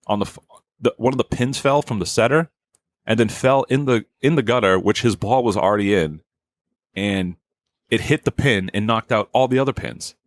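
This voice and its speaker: On a dry recording, a mid-range male voice belongs to a podcast host spinning a casual yarn. He's heated and profane, and he voices the quotes himself.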